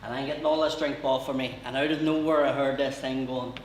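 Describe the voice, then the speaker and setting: A Northern Irish man doing stand-up comedy in a crude, brisk storytelling manner. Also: medium pitch, steady tone, distant mic. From Northern Ireland. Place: comedy venue with an audience. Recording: roomy venue, heard from afar.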